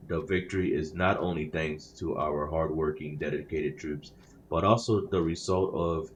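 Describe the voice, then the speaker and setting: On dull audio with slight background noise, a bass-voiced gamer reads newspapers from the game he's playing on his channel and adds casual comments. He often stumbles and corrects himself mid-sentence, sounding self-conscious about reading aloud.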